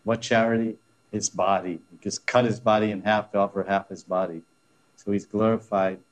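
A man's voice: lowish voice, level tone, moderate pace. A man teaching a scripture class, retelling a story with laughing asides and frequent restarts. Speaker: religious teacher.

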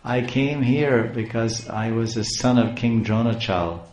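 A man's voice: medium pitch, unhurried, a little mellow, natural voice. A man voicing a weeping, devoted mountain. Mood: pleading. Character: weeping sacred male mountain, devoted and pleading. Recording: roomy echo.

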